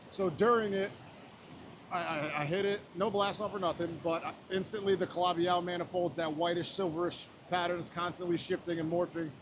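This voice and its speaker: Against background noise, a high-pitched man with fairly even intonation talks at normal speed. He's a thirty-something podcast guest sharing a personal story in casual talk, emotional and raw, cursing freely and quoting voices as he retells scenes.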